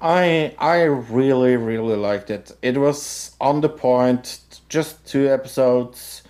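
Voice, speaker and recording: A man co-hosting a casual podcast, reviewing TV shows with halting speech, many fillers and frequent laughter. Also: medium pitch, a little mellow. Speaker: podcast co-host.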